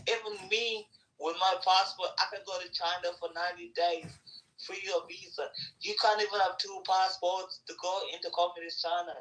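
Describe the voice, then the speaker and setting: A man's voice: sits high, fairly even intonation, normal speed, sharp tone, recorded from a distance, slight background noise, poor audio. A man in a heated argument on a live voice chat, aggressive, taunting and hurling insults.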